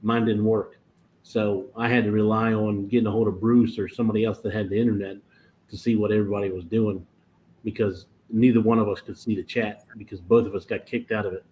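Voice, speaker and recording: A man's low-side voice, flat in delivery, brisk and a little mellow, comes through dull lo-fi stream audio with faint noise. He chats casually on a livestream about cruise internet plans, rambling and correcting himself throughout.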